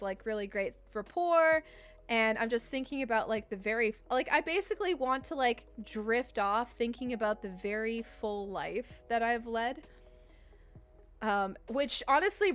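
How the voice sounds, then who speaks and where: A woman's voice: on the high side, a bit bright, clear, resonant tone. A woman streamer in casual chat with her viewers, talking in a chatty, playful way.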